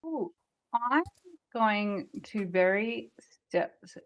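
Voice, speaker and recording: A woman's voice: medium pitch, animated, very slow, lo-fi sound. A woman playing a tabletop game, talking hesitantly and thinking aloud as she decides her moves. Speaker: player.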